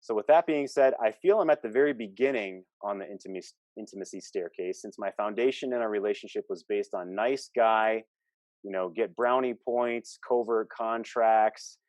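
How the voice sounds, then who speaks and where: A man with a lowish voice talks through relationship coaching in an earnest, explaining way, acting out little quoted lines as examples. The sound is dry and close, with no room around it. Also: normal speed, a little mellow, dry recording. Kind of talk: coaching podcast talk.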